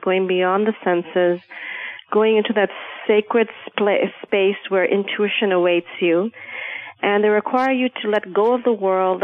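Calm woman guest on a narrow phone-like line. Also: medium pitch. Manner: calm, measured, acts out voices playfully. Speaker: guest speaker. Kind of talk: spiritual talk show chat.

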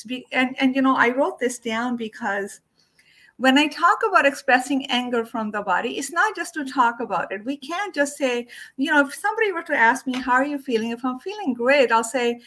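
A woman hosting a casual wellness conversation, talking expressively and quick to agree. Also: high voice, lively intonation, fairly bright tone. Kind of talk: casual spiritual wellness chat.

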